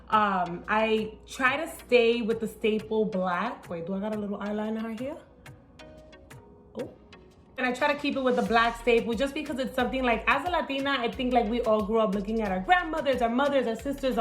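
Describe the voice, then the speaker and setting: Woman comedian, playful makeup-tutorial talker who swears freely and code-switches into Spanish, light music under. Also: a little high. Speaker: comedian and TV host. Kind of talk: casual makeup tutorial chat.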